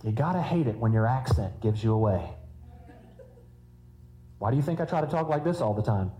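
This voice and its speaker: Mellow-voiced preacher. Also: male voice, medium pitch, animated, normal speed, pauses often, poor audio. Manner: conversational preaching with humorous asides. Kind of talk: sermon.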